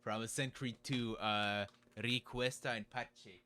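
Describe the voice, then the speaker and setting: A man's voice: mid-range voice, steady tone, unhurried, pushed and bright, clear, resonant tone. A man streaming a game, chatting casually, swearing and laughing as he talks. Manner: swearing, laughing, dubbing a clip aloud.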